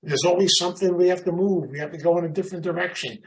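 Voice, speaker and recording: A man's voice: high-pitched, fast talker, recorded from a distance, poor audio. Emphatic man telling stories to a room. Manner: animated, emphatic, chatty, calls out audience members. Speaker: speaker at a recovery meeting. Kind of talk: motivational storytelling talk to a live group.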